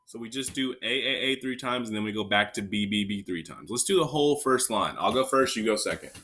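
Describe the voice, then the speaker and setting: A man's voice: fairly low pitch, a little fast, background noise. A man teaching an elementary recorder lesson, counting students in and calling out note names step by step. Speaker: music teacher.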